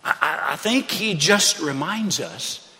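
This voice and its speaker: A man's voice: fairly high pitch, big pitch swings, slow pace, creaky, pushed and bright. A pastor preaching a sermon in an earnest, conversational way, often repeating his phrases. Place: church sanctuary. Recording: preacher in a reverberant sanctuary.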